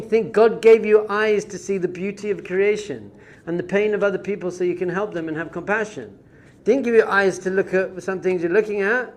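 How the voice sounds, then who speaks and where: A man teaching a Torah class as a rabbi, animated and conversational, full of rhetorical questions. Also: high-pitched.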